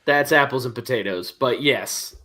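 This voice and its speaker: A man's voice: medium pitch, normal speed, sharp tone. A man, a podcast guest, chiming in with wry, casual remarks. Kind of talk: casual chat.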